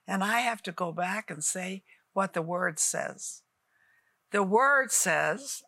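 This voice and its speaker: A woman's voice: medium pitch, animated, takes it slowly, bright, forceful tone, dry recording. A woman in her eighties preaching on television, fervent and coaxing, talking straight to viewers. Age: 80s. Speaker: television minister. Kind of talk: televised sermon and prayer.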